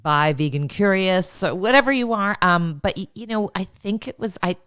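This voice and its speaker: A woman's voice: medium pitch, normal speed, a bit bright, clean tone, no room sound, clean studio sound. A woman co-hosting a comedic chat show, joking and laughing through her sentences. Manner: jokey, laughs often mid-sentence. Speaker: podcast co-host.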